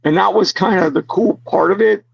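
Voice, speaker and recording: A man being interviewed as an actor guest, telling stories in an animated way, laughing often and full of fillers. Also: high voice, brisk, creaky, slightly rough, no echo, highs cut off. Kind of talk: casual interview storytelling.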